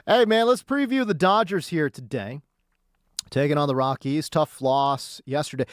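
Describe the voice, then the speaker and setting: A man hosting a sports radio show, hyped and jokey, swinging between loud bursts and calm stat talk. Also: fairly high pitch, moderate pace, dry recording.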